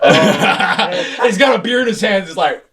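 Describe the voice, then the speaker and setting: A man's voice: high voice, slow, a crowd in the background. A young man co-hosting a casual podcast, telling stories loosely and swearing a lot. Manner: loose, profane storytelling with lots of swearing. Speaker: podcast co-host. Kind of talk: casual chat.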